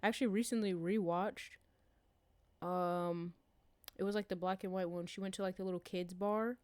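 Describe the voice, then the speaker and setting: A woman's voice: on the low side, steady tone, normal speed, darkish tone, clean tone, no echo. A young woman co-hosting a casual podcast, chatting playfully and giggling. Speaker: podcast co-host. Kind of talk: casual chat. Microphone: video call.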